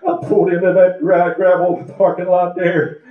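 A man's voice: high-pitched, level tone, moderate pace, echoey room, recorded from a distance, phone-quality sound. An older man, preaching an emotional testimony, fervent, at times tearful and laughing. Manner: fervent, sobbing and laughing through words.

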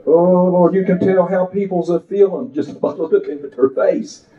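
A man's voice: high-pitched, moderate pace, roomy sound, far from the mic, phone-quality sound. A man preaching an impassioned sermon to a church congregation, exclaiming and telling a story. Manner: impassioned, exclaiming, rising and falling.

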